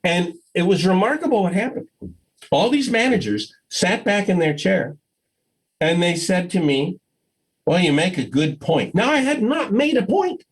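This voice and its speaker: This keynote speaker, an older man at a conference, has a voice that sits high, slightly rough, at a moderate pace. The recording is low quality, and his storytelling is lively, with quoted voices performed aloud.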